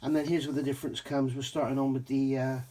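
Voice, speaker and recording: A man's voice: mid-range voice, level tone, fast talker, mellow, a little hiss or hum. Chatty English man reviewing a model kit. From England. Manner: chatty, many ums, self-correcting. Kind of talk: casual unboxing review.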